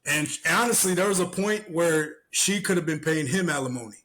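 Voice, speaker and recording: A man co-hosting a casual podcast, telling animated stories, acting out the people he quotes and swearing freely. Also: a little high, brisk. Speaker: podcast co-host. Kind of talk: casual chat.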